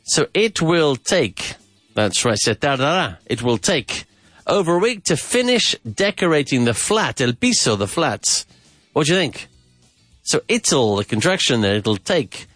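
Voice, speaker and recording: A man's voice: a little high, very animated, unhurried, a bit bright, no room sound, faint music behind. A man hosting a podcast grammar lesson, repeating phrases, drilling questions and dropping in Spanish asides with enthusiasm. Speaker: English teacher and podcast host.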